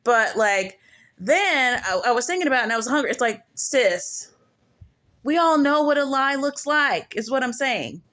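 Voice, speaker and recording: A woman with a fairly high voice rants in casual commentary. She is emphatic and slangy and hammers her points by saying them twice. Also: expressive, normal speed, fairly bright tone. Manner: emphatic and slangy, repeats phrases for effect. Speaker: prophetess hosting her own channel.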